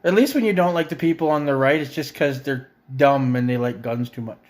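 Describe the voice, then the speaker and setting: A man's voice: mid-range voice, brisk. Middle-aged guy, profane exasperated home vlog rant, sarcastic edge, mid-range voice. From Canada. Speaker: vlogger. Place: a friend's house, indoors.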